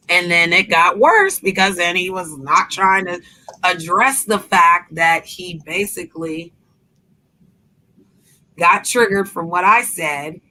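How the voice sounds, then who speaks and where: A woman's voice: lowish voice, expressive, slow, pushed and bright. A woman host in a casual chat, telling a heated story bluntly with profanity.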